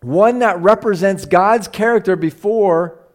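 A man's voice: sits high, measured pace. Chatty man teaching a Bible class. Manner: chatty, repeats himself, asks the room questions.

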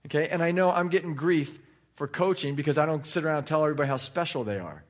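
A man's voice: on the high side, quick pace. A man teaching a Bible study in an informal, conversational way, sometimes venting frustration openly. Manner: animated, conversational, vents openly.

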